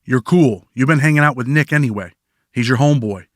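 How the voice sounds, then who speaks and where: A man's voice: medium pitch, a little fast, no echo, studio quality, close to an everyday voice. A man voicing a blunt, profane inmate who acts as an older mentor to a newcomer. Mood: blunt, urging. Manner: tough, profane, lecturing.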